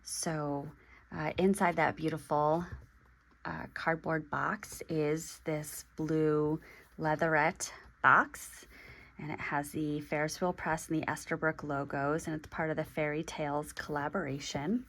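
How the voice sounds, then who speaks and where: A woman in her forties talking through an unboxing vlog, halting and hesitant, with many pauses and restarts. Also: deep voice, flat delivery, a bit bright. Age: 40s. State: emotional, getting teary. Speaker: stationery vlogger.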